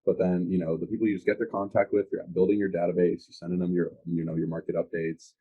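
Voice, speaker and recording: Guy talking real estate fast and eager, low voice, bit muffled audio. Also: breathy edge. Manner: energetic, eager, acts out sales calls. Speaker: real estate agent, guest. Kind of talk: casual podcast conversation.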